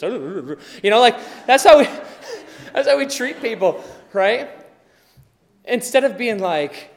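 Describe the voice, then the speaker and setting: A pastor giving a sermon in a relaxed, conversational way, acting out little everyday scenes as he goes. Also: sits high, moderate pace. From Wisconsin, USA. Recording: long hall reverb.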